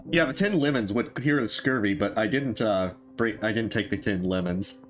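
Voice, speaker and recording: A man's voice: fairly low pitch, moderate pace, faint music behind. A man commenting on his game and reading the characters' lines in amateur put-on voices, laughing at his own delivery. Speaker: game streamer voicing characters.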